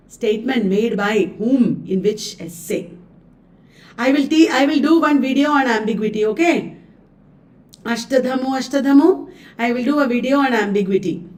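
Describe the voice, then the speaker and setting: Chatty Indian woman, live literature coaching, high-ish voice, recorded from a bit back. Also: warm tone, distant mic. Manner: chatty, laughs often, mixes Hindi words. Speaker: literature teacher. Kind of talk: live online exam coaching.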